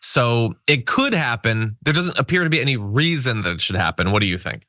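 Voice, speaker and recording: A man hosting a political talk show, sarcastic and animated, building hypothetical examples. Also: medium pitch, brisk, dry recording, clean studio sound. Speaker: host. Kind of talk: political commentary chat.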